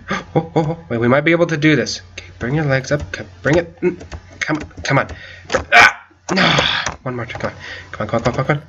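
A man giving casual gameplay commentary, frustrated and swearing loudly as he plays, while feeling unwell with a headache. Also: on the high side, big pitch swings, normal speed, lo-fi sound, a little hiss or hum. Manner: frustrated, swearing, loud outbursts. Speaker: gaming video creator.

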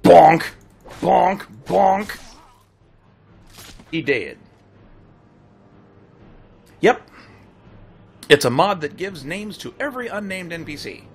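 A man's voice: sits high, expressive, slow, creaky, long pauses, darkish tone, breathy edge, soft background music. A man casually commenting on his gameplay livestream, playful and laughing often as he chats to his cat. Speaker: game streamer.

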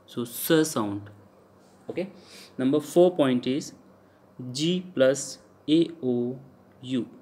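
A man with an Indian English accent teaching French pronunciation in a lecture, halting often with fillers and repeating example words. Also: mid-range voice, warm tone.

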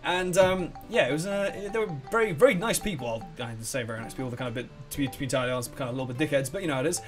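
A young man commentating a game, rambling and excitable, swearing freely. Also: a little high, rapid-fire, faint music behind. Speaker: let's play host. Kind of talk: gameplay commentary.

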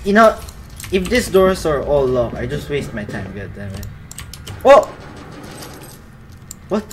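A man's voice: a little high, slow, a little hiss or hum. A man playing a horror game and talking through it, swearing constantly and jumping at every scare. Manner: swearing constantly, jumpy and excitable. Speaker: player. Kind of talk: casual gaming commentary.

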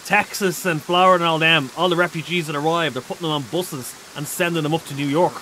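A man streaming a survival game, chatting excitably with a teammate and shouting out viewers' chat messages. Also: on the high side, fast, slight background noise, rough recording. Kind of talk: casual gaming livestream chat.

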